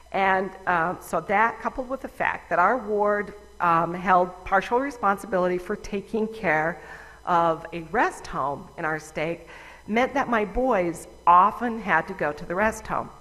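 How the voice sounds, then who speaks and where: A woman's voice: fairly low pitch, fairly bright tone. A woman giving a conversational, wry personal talk to a conference audience. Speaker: conference speaker. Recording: long reverb of a large hall.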